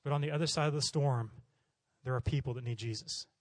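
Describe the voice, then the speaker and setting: A man's voice: medium pitch, quick pace, no room sound. A middle-aged man from Oklahoma, a missionary preacher telling stories in a sermon and acting out the voices of the people in them. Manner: animated, acts out voices in his stories. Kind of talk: storytelling sermon.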